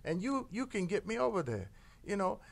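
A man voicing a smooth-talking, persuasive male scorpion in a told fable, full of casual slang. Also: high-pitched, big pitch swings, normal speed, full character voice. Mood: pleading.

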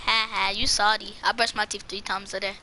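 A woman's voice: mid-range voice, little pitch movement, brisk, bright, forceful tone. A woman live streaming, chatting casually with viewers in a silly, giggly, rambling way. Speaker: livestreamer. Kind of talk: casual livestream chat reacting to viewers. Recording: noisy with mouse clicks.

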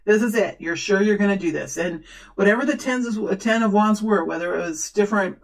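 A woman talks through a tarot spread in a loose, conversational way. She fills pauses with ums and often starts over mid-sentence. Her tone stays encouraging toward the listener. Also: medium pitch, poor audio. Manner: chatty and rambling, many fillers and restarts, encouraging. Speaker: tarot reader. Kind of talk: casual tarot reading to camera.

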